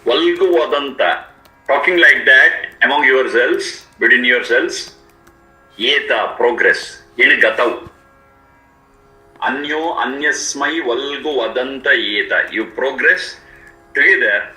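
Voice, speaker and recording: A man teaching a scripture, explaining each word slowly and repeating its meanings. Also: mid-range voice, bright, forceful tone, reverberant, poor audio. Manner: slow, repetitive word-by-word explanation. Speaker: Vedic teacher. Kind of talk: explanatory lecture.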